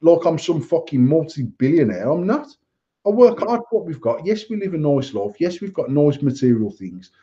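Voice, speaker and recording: A man's voice: fairly high pitch, very animated, normal speed, mellow. Blunt, sweary man ranting. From England. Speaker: podcast co-host. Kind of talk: casual chat. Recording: dull lo-fi sound.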